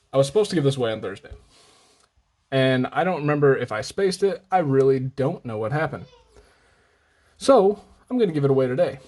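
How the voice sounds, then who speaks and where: A man's voice: medium pitch, darkish tone. A man hosting a casual show-and-tell vlog, chatty and rambling, often correcting himself, slightly out of breath. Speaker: host of a knife and gear channel.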